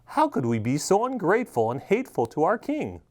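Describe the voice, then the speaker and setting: An easily rattled governor of a storybook island, pleading and blustering by turns, put on by a man reading aloud. He swings up and down across a wide pitch range. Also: wildly swooping pitch, fairly quick, darkish tone. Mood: remorseful. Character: fretful male island governor, easily alarmed.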